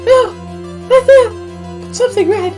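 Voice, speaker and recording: A woman putting on a very high, squeaky voice for an excitable female witness, theatrical and sing-song. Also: slow, soft background music.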